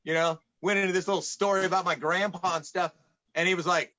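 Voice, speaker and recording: Guy from atlanta telling stories on a podcast, highish voice, kinda muffled audio. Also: fast talker. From United States, Atlanta. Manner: lively anecdotes, acts out quoted dialogue. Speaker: podcast guest. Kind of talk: casual storytelling in conversation.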